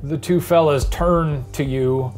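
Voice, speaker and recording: A man in his thirties, the game master, narrating a tabletop game in a relaxed, dry, meandering way. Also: on the high side, slow pace, faint music behind.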